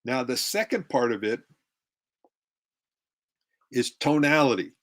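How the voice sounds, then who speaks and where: A man's voice: medium pitch, sing-song, slow, fairly bright tone. A middle-aged man giving a relationship workshop talk with slides, acting out tones of voice to make his points. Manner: demonstrative, acts out tones of voice. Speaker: relationship coach.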